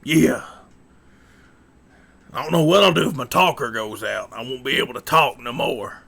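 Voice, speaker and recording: A man putting on a gravelly macho lumberjack voice. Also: mid-range voice, animated, moderate pace, a bit bright. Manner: exaggerated manly drawl. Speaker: livestream host.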